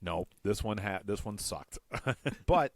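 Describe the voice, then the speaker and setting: A man's voice: lowish voice, lively intonation, takes it slowly, dry recording. A man hosting a comedy podcast, telling a rambling, self-mocking story in casual chat. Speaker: podcast host.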